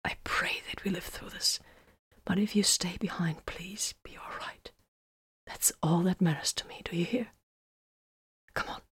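A woman's voice: on the low side, normal speed, a little mellow, no room sound, natural voice. A woman reading a story, voicing a blunt, sarcastic young woman with mystic powers. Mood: whispered.

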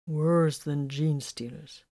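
A woman voicing a wounded young male space warrior who murmurs and slurs quietly. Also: sits low, steady tone, slow pace. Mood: drowsy.

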